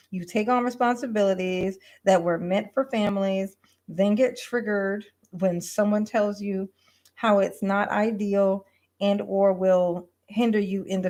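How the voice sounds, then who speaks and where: Woman host, casual live stream rant, blunt and profane, halting with fillers. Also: mid-range voice. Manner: blunt, profane, animated, lots of fillers and restarts. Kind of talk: casual livestream advice rant.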